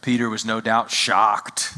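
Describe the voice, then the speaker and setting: A man preaching a sermon as a visiting pastor, expressive, acting out quoted lines and slowing down to stress key phrases. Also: fairly low pitch, big-room sound.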